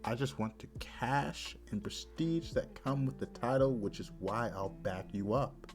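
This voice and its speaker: A man's voice: medium pitch, expressive, a little slow, faint music behind. A man voicing a scheming, arrogant male mage villain who speaks in a smug, threatening, bargaining way.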